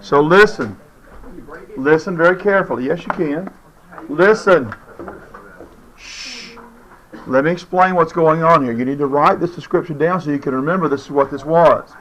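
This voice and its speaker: A man's voice: on the high side, moderate pace, long pauses, fairly bright tone, rough recording. A man teaching a chemistry demonstration in a classroom, firm and shushing his chattering students. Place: school classroom.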